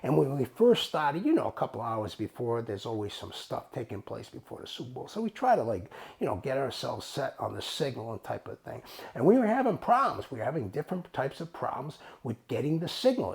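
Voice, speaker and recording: A man's voice: medium pitch, brisk, creaky, few pauses. A man telling a casual, profane story, acting out both sides of the dialogue. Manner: animated, profane, acts out dialogue. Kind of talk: casual spoken anecdote.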